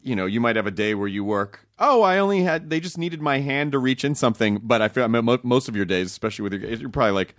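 A man's voice: lowish voice, fast talker, few pauses, no echo, clean studio sound. A man chatting casually as a guest, playful and rambling, often trailing off mid-sentence. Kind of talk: casual chat.

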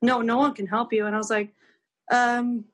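On a podcast, a young woman casually recounts a story at a normal speed in a slightly high voice. She's animated, voicing the dialogue herself and peppering it with "like."

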